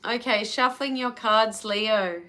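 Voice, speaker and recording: Australian woman, tarot reader on a live stream, chatty and relaxed, bright tone. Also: on the high side, slow. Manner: chatty, talks to live viewers between readings.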